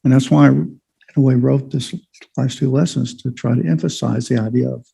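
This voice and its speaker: Gravelly, husky man teaching a Bible lesson. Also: mid-range voice, brisk, warm tone, lo-fi sound. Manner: rambling, many "you know" fillers and restarts. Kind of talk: informal church Bible lesson.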